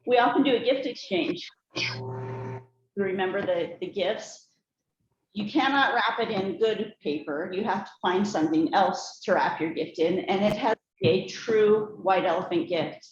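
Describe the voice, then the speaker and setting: A woman's voice: mid-range voice, moderate pace. Cheerful woman telling family stories in an echoey room. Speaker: speaker giving a family talk. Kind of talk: prepared speech to a group. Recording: echoey room, slightly dull sound, faint noise.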